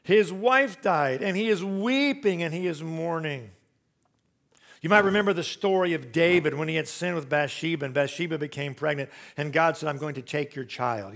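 A man preaching a sermon, telling stories and acting out quotes, swinging from loud rising emphasis to very soft low tones. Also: normal speed, vocal fry. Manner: storytelling preacher who acts out quotes. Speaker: pastor.

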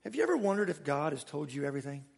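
A man's voice: a little high, sing-song, racing, gravelly, slightly rough, long reverb tail. A man preaching a sermon, telling a story in a chatty way with laughs and asides.

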